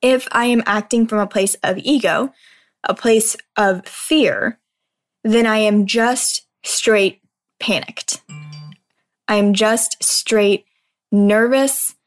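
A woman speaking as a mindset speaker in a casual motivational talk, earnest and conversational, often checking in with her listeners with a quick "right?". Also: medium pitch.

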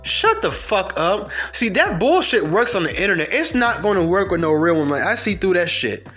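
A man holds forth in a fiery podcast monologue, blunt and full of swearing. His voice sits a touch higher than most men's, pushing hard at his listeners. Faint music runs quietly behind him. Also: lively intonation, brisk, breathy edge. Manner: heated, profane, confrontational. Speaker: podcast host. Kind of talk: ranting monologue.

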